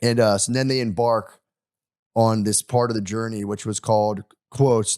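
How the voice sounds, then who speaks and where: A man's voice: on the low side, moderate pace, a little mellow, no room sound, clean studio sound. Laid-back guy retelling history with crude jokes. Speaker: podcast host telling a history story. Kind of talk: casual comedic storytelling.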